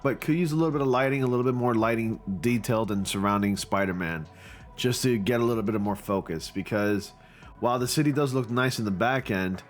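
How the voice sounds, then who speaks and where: A man hosting his channel, giving casual, excitable commentary with gushing reactions and frequent fillers. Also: lowish voice. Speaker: channel host reviewing fan photo submissions.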